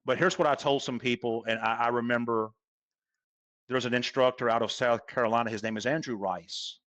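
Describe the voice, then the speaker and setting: A man's voice: mid-range voice, steady tone, fairly quick, fairly bright tone, no room sound, highs cut off. A man speaking as a golf instructor guest on a podcast, talking casually and hammering points home by repeating them. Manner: emphatic, repeats points for stress.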